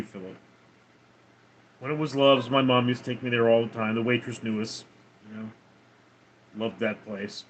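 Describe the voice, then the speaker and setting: A man's voice: mid-range voice, pushed and bright, slight background noise. A man casually chatting on a live stream, reading out viewer names and comments in a laid-back, chuckling way. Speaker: livestreamer reading chat.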